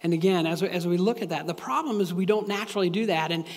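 High-voiced pastor preaching in an echoey hall. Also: male voice, fast. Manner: casual, confessional, with many restarts and asides. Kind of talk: sermon. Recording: echoey hall with long reverb.

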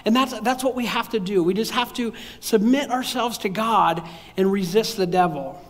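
A male pastor with a notably high voice delivers a casual, conversational sermon. He stumbles and repeats words and laughs at his own jokes. His voice rings out with the long reverb of a big hall. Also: normal speed.

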